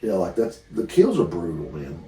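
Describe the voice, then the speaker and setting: A man co-hosting a casual movie review chat, relaxed and often trailing off mid-sentence. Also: sits low, normal speed. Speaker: co-host. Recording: echoey room, mic at a distance.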